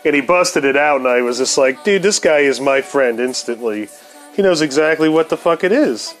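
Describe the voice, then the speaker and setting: A man's voice: on the high side, lively intonation, normal speed, faint music behind. A man telling a rambling, profane story on his podcast, laughing now and then. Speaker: podcast host. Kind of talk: casual storytelling monologue.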